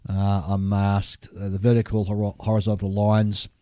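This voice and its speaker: A man's voice: lowish voice, monotone, moderate pace, dark tone, dry recording, clean studio sound. An Australian man co-hosting a casual podcast, rambling through listener mail with fillers and laughter. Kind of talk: casual chat.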